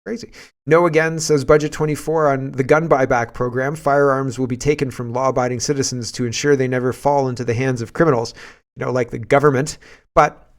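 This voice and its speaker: Sarcastic man hosting political commentary. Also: medium pitch. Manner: sarcastic, scoffing, laughs often.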